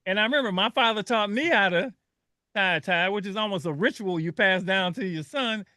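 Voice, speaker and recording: An older man with a high, bright voice, hosting a radio talk show. He speaks earnestly and with feeling, often stopping to restart a phrase. The sound is close and dry. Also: fairly quick, no echo. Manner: emotional, earnest storytelling with frequent restarts.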